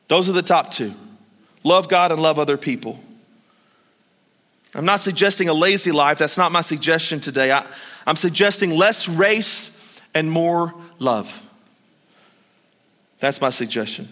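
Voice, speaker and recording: A male pastor preaching a lively, joking sermon and chuckling at his own points. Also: on the high side, a little slow, long pauses. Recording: long hall reverb.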